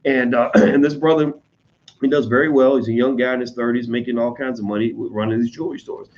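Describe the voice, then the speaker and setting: A man's voice: mid-range voice, fairly even intonation, darkish tone. Blunt profane American man, lo-fi audio. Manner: blunt and profane, mimics people in quick asides. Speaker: online commentator on business. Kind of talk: casual unscripted monologue.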